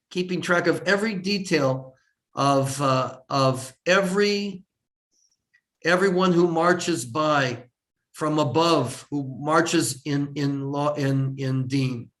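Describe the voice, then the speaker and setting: A man's voice: fairly high pitch, slow pace, a bit bright. A middle-aged man, a rabbi, gives an informal lecture, reading Hebrew lines and explaining them as he goes, with many restarts. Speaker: rabbi teaching a text. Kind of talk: informal lecture on a liturgical poem.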